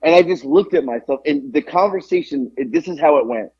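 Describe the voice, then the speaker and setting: A man co-hosting a podcast, telling an animated story in casual chat and acting out both sides of the conversation. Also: on the high side, fairly quick, breathy edge, dry recording, lo-fi sound. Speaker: podcast co-host.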